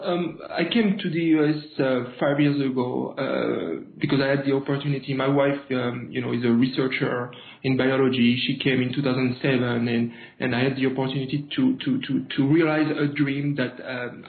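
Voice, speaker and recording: A man's voice: mid-range voice, steady tone, normal speed, vocal fry, roomy sound, narrow, tinny audio. A man in his thirties from France, with a French accent, answering interview questions hesitantly and with many fillers. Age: 30s. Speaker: guest. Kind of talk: radio interview conversation.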